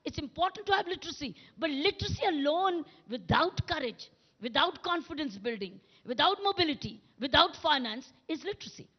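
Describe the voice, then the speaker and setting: A woman's voice: high-pitched, animated, a little fast, big-room sound, lo-fi sound. A woman panelist making an emphatic point, listing one item after another.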